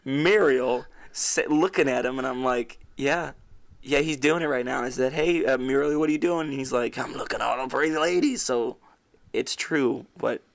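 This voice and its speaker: In casual podcast conversation, a young co-host rambles through stories, swearing a lot and laughing often. He speaks at normal speed with a medium-pitched, creaky voice.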